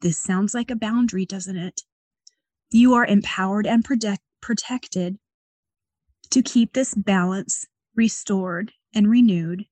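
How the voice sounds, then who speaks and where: A woman working as a psychic medium, talking casually and gently about her spiritual practices and reading cards, often pausing to search for words. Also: medium pitch, no room sound. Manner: gentle, rambling, with frequent fillers.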